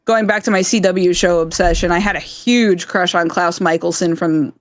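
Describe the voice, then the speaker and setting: A woman's voice: fairly low pitch, normal speed, no echo, studio quality. A woman from South Florida, a stream guest chatting casually, swearing freely and laughing often. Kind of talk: casual chat.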